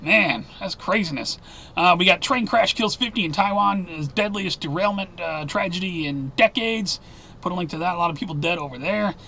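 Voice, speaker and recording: A man hosting a weekly news roundup, talking fast with sarcastic asides and fillers. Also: high-pitched, noisy background. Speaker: news commentary host.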